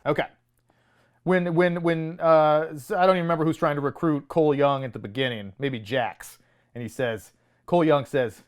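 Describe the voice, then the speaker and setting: A man's voice: on the high side, moderate pace, smooth. A man co-hosting a movie review show, mocking the film in casual debate and laughing often.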